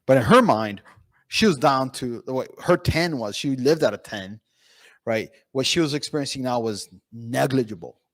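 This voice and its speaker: A man speaking as a pain physician at a conference, telling patient stories in an animated way with many fillers and restarts. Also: mid-range voice, normal speed, no room sound. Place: conference room.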